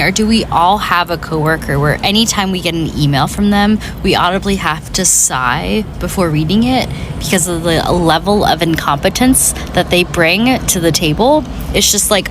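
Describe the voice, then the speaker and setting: A woman with a lowish voice vents in exasperation and keeps throwing out rhetorical questions. Clear traffic noise sits behind her outdoors. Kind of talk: casual vent to camera.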